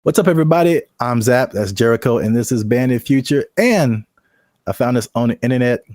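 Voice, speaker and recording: Animated male podcast co-host. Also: fairly quick, no echo, clean studio sound. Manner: animated, joking, bursts into high shouted bits. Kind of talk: casual podcast chat.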